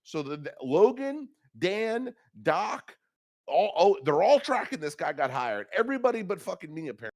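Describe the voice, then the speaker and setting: A young man talks on a morning show with loose, profane banter. His stories are animated, and his voice jumps up when he quotes himself. The recording is dry and close, with no room sound. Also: high voice, normal speed, no echo. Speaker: co-host.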